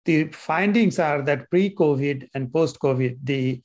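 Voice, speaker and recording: A man speaking as a panel guest, hesitant and halting, with many fillers. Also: fairly high pitch, darkish tone. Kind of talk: panel discussion.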